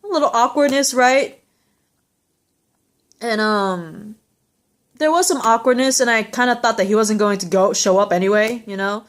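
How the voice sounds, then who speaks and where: A woman's voice: on the high side, normal speed, long pauses. A young woman recapping a TV episode in a rambling, heartfelt, casual way, full of fillers and restarts.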